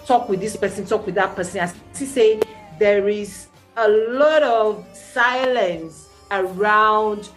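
A middle-aged woman from Nigeria with a Nigerian Pidgin accent, a studio guest giving a radio interview and telling her story in an animated way, her voice jumping up when she stresses a point. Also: mid-range voice, slow pace, few pauses, soft background music. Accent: Nigerian Pidgin English.

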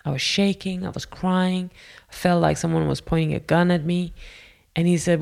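Woman, heavy creaky fry, personal story, candid, self-deprecating, halting. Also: on the low side, steady tone, darkish tone.

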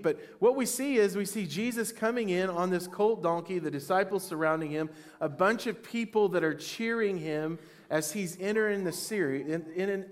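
A man preaching a sermon, reading scripture aloud and asking the congregation questions, with praise lines that rise toward shouting. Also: high voice. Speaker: pastor.

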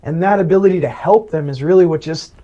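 A man's voice: a little high, fast talker, dark tone, lo-fi sound. A man working as a Medicare planner, earnestly retelling client stories in an interview. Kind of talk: interview storytelling.

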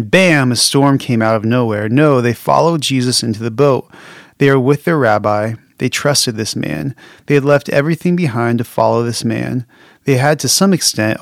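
A man's voice: medium pitch, creaky, no room sound, clean studio sound. A male pastor giving a sermon in a candid, reflective and conversational way.

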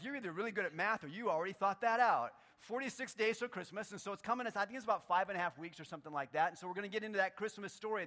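A man preaching a sermon in a church, animated and emphatic, dropping to quiet low lines and trading answers with the congregation. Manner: talks with the congregation, takes answers from the room. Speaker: pastor.

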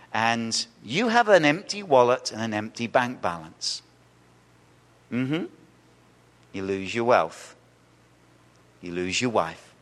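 A male pastor preaching a sermon, animated, acting out quoted voices and asking the congregation questions. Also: mid-range voice. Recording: reverberant church hall.

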